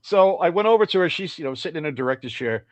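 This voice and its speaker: A man's voice: fairly high pitch, fast talker, no room sound. An older man, a guest musician, telling long rambling anecdotes in a casual interview. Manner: rambling, animated storyteller.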